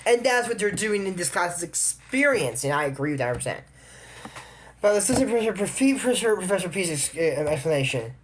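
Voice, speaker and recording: A man's voice: high voice, sing-song, fairly quick, a little hiss or hum. A man casually retelling a cartoon episode, rambling with asides and opinions. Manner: chatty, opinionated. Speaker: show recap commentator.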